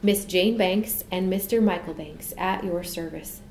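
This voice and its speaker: A woman voicing a male brown bear in an audiobook, speaking gruffly and respectfully in a hushed tone. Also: fairly low pitch, measured pace, a little hiss or hum. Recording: roomy echo.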